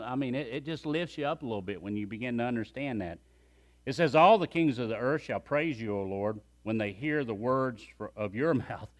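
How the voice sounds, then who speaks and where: A man preaching a sermon as pastor, emphatic and calling on the congregation to repeat phrases after him. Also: medium pitch.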